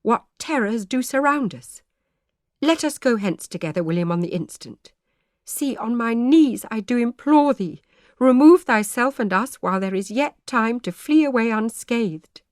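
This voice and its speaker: A woman playing a gentle, imploring pastor's wife. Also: a little high, lively intonation, unhurried, no echo, clean studio sound, voice pushed up. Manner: earnest, imploring, soft-spoken.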